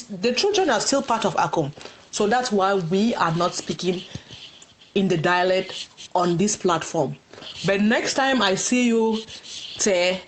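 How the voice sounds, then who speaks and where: A woman hosting a livestream for a community group, explaining things patiently and reading viewer questions aloud. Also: mid-range voice. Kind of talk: live Q&A on a Facebook stream.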